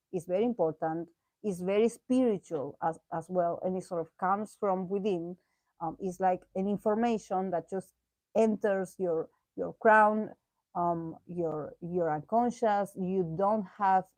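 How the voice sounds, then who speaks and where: A woman's voice: mid-range voice, unhurried, no echo. Chatty woman reading tarot. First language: Spanish. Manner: chatty and expressive, often laughing, lots of fillers and restarts. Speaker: tarot reader. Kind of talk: casual tarot reading commentary.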